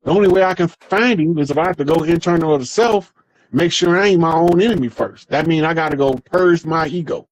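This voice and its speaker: This man's voice runs on the high side and moves a little fast, recorded with no room sound and the highs cut off. On a podcast, he spins profane, emphatic street stories in a loose, casual monologue.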